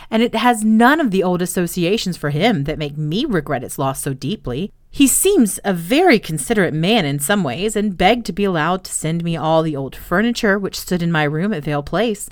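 A woman reading as a calm, measured father. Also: fairly low pitch, no echo, clean studio sound, lightly acted. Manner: measured, explaining. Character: calm, gentle middle-aged father.

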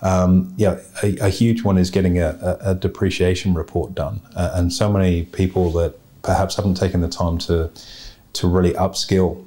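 Male podcast host, low mellow voice, blunt and plain-spoken. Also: level tone, moderate pace. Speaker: podcast host giving property investment advice. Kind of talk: casual advice talk.

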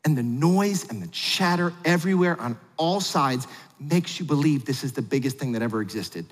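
A man preaching a sermon, telling a family story with jokes and big swings between quiet and loud. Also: moderate pace. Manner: animated storyteller with big swings in pitch and loudness; humorous asides. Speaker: pastor. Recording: long hall reverb.

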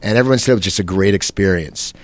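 A man hosting an interview, asking eager follow-up questions. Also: deep voice. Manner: enthusiastic, quick follow-up questions. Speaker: podcast host. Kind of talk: conversational interview.

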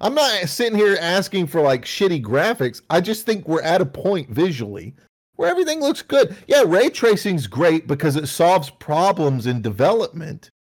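A man's voice: a little high, very animated, normal speed. A man in casual, profane gaming chat who rants, laughs often and acts out quotes in silly voices.

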